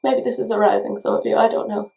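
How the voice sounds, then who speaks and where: A woman's voice: medium pitch, fairly even intonation, quick pace, vocal fry, mellow. An Irish woman chatting through a makeup tutorial in a chatty, self-mocking way. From Ireland. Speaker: beauty vlogger. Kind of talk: casual makeup tutorial chat.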